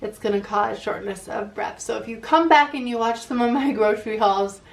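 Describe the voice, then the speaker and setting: A woman's voice: a little high, normal speed, vocal fry. A woman vlogging in casual chat, talking on with lots of "like" fillers and running short of breath between phrases.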